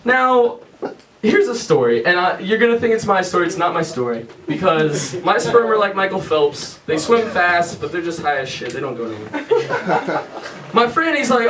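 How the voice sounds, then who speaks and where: A young man performing a crude stand-up comedy set on a theater stage, telling loose stories and switching into quick voices for his friends. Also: high voice, big pitch swings, fairly bright tone, far from the mic. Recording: echoey room, mic heard from afar. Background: audience laughter.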